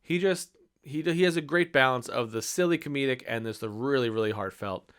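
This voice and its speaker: A man's voice: mid-range voice, fairly quick, a bit bright, clean tone. A man in his thirties giving a casual, enthusiastic movie review, rambling with many fillers. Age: 30s.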